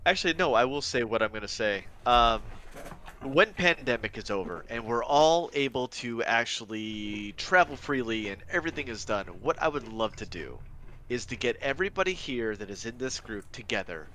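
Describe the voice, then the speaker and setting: A chatty man with a bright, forceful voice talks loosely at an online tabletop game, rambling and joking as he goes. A faint hiss sits under his voice. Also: mid-range voice, expressive, moderate pace. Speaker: player and organizer of the group. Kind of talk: casual chat at a tabletop game.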